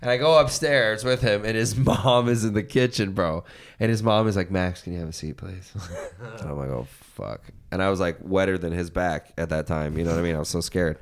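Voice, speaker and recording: A man's voice: sits low, fairly quick. A man in his late twenties hosting a comedy podcast, rambling through crude stories with friends and laughing often. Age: 20s. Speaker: podcast host.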